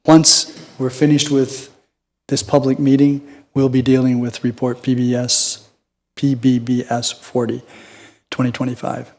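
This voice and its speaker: Man, Canadian accent, monotone, polite formal chairing, measured delivery. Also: medium pitch. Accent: Canadian English. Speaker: mayor chairing a council meeting. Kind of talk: procedural chairing.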